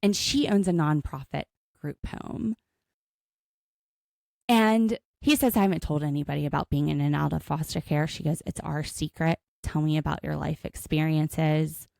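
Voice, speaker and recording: This woman has a deep, gravelly voice and a moderate pace. As a podcast co-host, she recaps a reality show in a casual, animated way, acting out what the cast said, and the audio has no echo.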